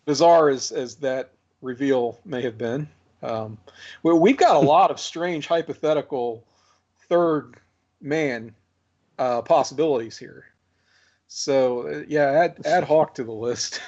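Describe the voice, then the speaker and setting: A man hosting a podcast, talking in a relaxed and reflective way. He chuckles softly and repeats words while he works out a thought. The sound is a bit muffled. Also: mid-range voice, slow pace. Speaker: podcast host. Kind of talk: casual chat.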